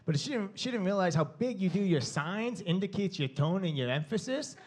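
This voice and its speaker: A man's voice: high voice, brisk. A young man with a Long Island accent doing a brash, profane stand-up set. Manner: brash, swears often, animated. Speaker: stand-up comedian.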